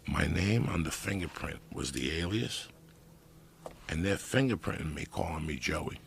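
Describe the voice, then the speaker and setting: A middle-aged man telling stories in casual podcast talk, profane and animated. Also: a bass voice, normal speed, creaky, a little hiss or hum. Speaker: guest storyteller.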